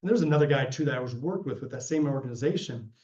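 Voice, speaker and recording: A man's voice: medium pitch, rapid-fire. A man giving a guest lecture who tells stories from his work animatedly, acting out the people in them, with frequent restarts. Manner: animated storyteller, acts out quoted voices, frequent restarts. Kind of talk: storytelling during lecture Q&A. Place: lecture room. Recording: roomy, dull lecture-room recording.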